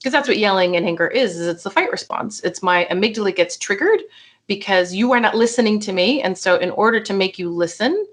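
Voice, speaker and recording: A middle-aged woman psychotherapist talking casually as a podcast guest, animated and chatty, acting out quoted voices and often saying "like" and "right?". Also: medium pitch, a little fast. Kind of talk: casual interview chat.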